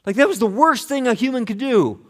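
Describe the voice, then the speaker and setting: Earnest pastor in a reverberant hall. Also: male voice, extremely high pitch, animated, fairly quick. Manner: earnest, swings between soft and intense; repeats words when starting phrases. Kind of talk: sermon. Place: church sanctuary.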